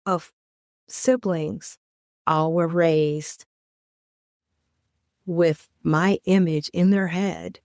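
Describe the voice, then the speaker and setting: Low-voiced middle-aged woman telling her story. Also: a little mellow, no echo, clean studio sound. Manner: earnest, emphatic recounting with vivid detail. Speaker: podcast guest. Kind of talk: personal storytelling in conversation.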